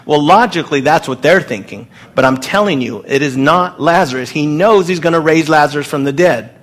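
A man preaching a sermon to his congregation in an earnest, emphatic way, pausing and restarting as he speaks. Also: a little high, a bit bright. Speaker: pastor.

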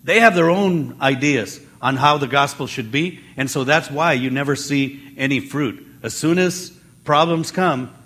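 A man preaching a Bible teaching sermon in a conversational way, jumping in pitch as he acts out the people he quotes. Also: measured pace. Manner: animated, acts out quoted voices with pitch jumps; conversational with fillers and restarts.

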